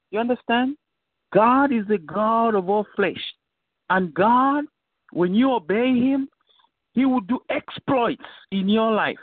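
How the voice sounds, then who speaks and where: A man's voice: high-pitched, sing-song, unhurried, dry recording. Preaching man on a tinny phone line. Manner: conversational preaching with frequent "you know" and repetition. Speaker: bishop preaching. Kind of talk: sermon.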